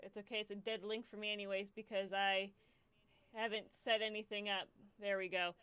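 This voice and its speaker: A woman's voice: mid-range voice, level tone, a little fast, sharp tone, clean tone, no echo. A young woman hosting a charity livestream, emotional and choked up, stammering and repeating herself as she talks casually to her viewers. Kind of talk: casual live stream chat.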